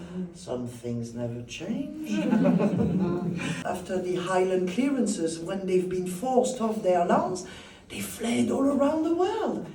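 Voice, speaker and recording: Man, tour guide, theatrical storytelling, chuckles often, slow delivery, distant, echoey room. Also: on the high side, mellow, a little hiss or hum. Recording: echoey room from afar with faint ambience.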